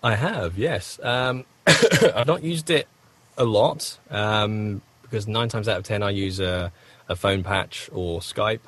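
A man with a somewhat low voice answers interview questions at length. He wanders and corrects himself as he goes, and breaks up his talk with the odd cough. He speaks from a home recording booth. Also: takes it slowly, fairly bright tone. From United Kingdom. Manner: rambling, self-correcting, frequent coughs. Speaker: voice actor guest.

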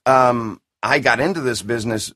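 A middle-aged man with a deep classic announcer voice, a video game voice actor chatting enthusiastically and rambling in an interview. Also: moderate pace, sharp tone. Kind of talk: casual interview chat.

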